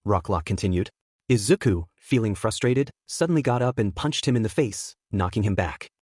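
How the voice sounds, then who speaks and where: A man reading fan fiction aloud as a narrator, with lively storytelling intonation. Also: on the low side, moderate pace, no room sound, clean studio sound.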